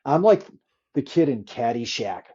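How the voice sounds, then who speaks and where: A man, a former hockey player, telling stories in a casual interview, animated and swearing freely as he acts out old quotes. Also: medium pitch, unhurried, slightly rough, highs cut off.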